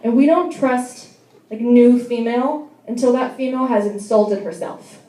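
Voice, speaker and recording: A woman's voice: on the high side, normal speed, dark tone, echoey room, low-quality recording. A young adult woman doing a stand-up comedy set in a bar, telling wry, self-deprecating stories. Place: bar venue.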